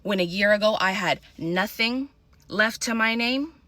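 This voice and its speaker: A woman's voice: medium pitch, a little slow, pushed and bright, no echo. A woman giving an earnest, emphatic personal faith testimony in a conversational, preaching way.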